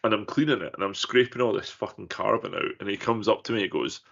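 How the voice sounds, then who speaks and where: Gravelly sweary man. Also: lowish voice, quick pace, fairly bright tone. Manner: sweary storytelling. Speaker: podcast co-host. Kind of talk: casual chat. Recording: muffled lo-fi recording.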